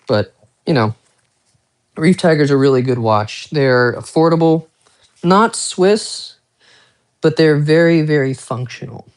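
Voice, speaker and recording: A man who collects watches, talking casually on a live stream in a rambling, profane, self-mocking way, with chatty asides to viewers. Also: medium pitch.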